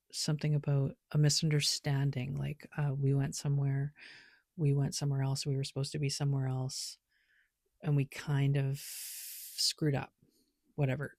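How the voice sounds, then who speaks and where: A woman's voice: a bass voice, dark tone, no echo, studio quality. A woman who reads tarot and oracle cards, talking loosely and rambling with lots of filler words in a casual spiritual vlog. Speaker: tarot and oracle card reader.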